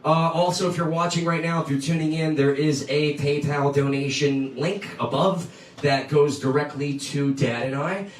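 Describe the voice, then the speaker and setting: A man's voice: a little high, fairly even intonation, normal speed, slight background noise. A young man co-hosting a live music stream, trading dry, teasing jokes between songs. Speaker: musician and co-host. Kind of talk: casual banter between songs. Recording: echoey room, mic from a distance, loud music behind.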